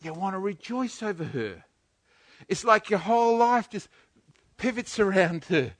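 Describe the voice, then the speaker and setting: Older man, pastor, sermon, animated, dry sound. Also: high-pitched, measured pace, no echo. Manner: animated, swings from hushed to loud.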